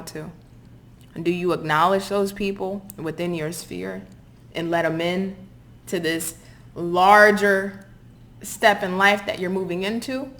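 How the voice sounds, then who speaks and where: A woman's voice: on the low side, a bit bright. Passionate woman giving a tarot reading. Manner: passionate, emphatic, swears and apologizes; acts out quoted people in mocking voices. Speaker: tarot reader. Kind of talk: channeled pick-a-card tarot reading.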